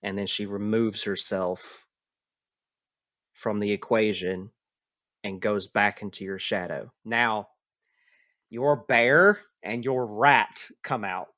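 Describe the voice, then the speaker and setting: A man narrating as the game master of a tabletop role-playing game, speaking in a slow, measured way. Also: on the low side, sharp tone.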